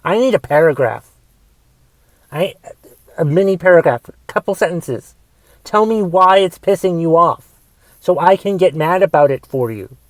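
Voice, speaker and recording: Comic host, young man, slightly high voice, foul-mouthed rants that flare loud then drop to mutters, dry close sound. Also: animated, normal speed, long pauses, dry recording. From United States. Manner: profane, swings between shouting rants and mumbled asides. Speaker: podcast host and stand-up comedian. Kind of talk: comedic solo podcast rant.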